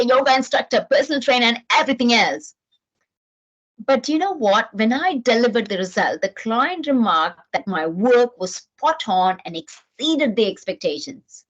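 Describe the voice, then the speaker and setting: A middle-aged woman from New Zealand gives an earnest, animated parenting talk with frequent restarts. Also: on the high side, husky. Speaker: parenting speaker. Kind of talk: motivational talk to camera. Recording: dull lo-fi sound.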